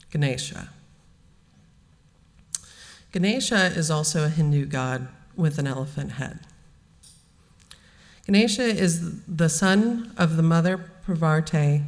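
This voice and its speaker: A woman who runs religious education, reading a children's story aloud in an animated way in a church service. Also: low voice. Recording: long hall reverb.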